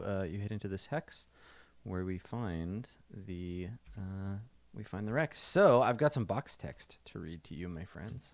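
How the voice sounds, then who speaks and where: A man at a close mic runs a tabletop game as its game master, describing the scene in a loose, easygoing way. He often stops and restarts his sentences with fillers. The sound is dry, with no room echo at all. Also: low voice. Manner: relaxed, hesitant with many fillers and restarts.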